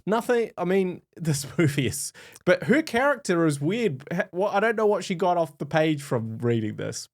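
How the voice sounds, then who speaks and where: A man co-hosting a podcast in casual chat, animated and quick to laugh, often restarting his sentences. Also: high-pitched. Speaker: podcast co-host.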